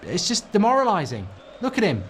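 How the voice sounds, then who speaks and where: A man's voice: high-pitched, wildly swooping pitch, a little fast, a little hiss or hum. Ranting man reacting to a match. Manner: ranting, swearing, exasperated. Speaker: football fan channel host. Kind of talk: live match reaction commentary.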